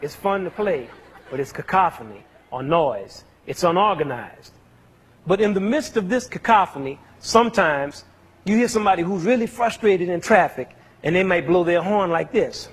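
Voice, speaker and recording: Husky-voiced man teaching music to kids. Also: sits high, expressive, normal speed. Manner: explains step by step, asks the audience questions. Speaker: music educator. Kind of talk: educational talk to a young audience.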